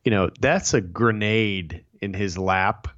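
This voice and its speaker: A man's voice: fairly low pitch, takes it slowly, a bit bright, dry recording, muffled recording. A man guesting on a podcast, chatting casually with frequent restarts. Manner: conversational, hesitant restarts.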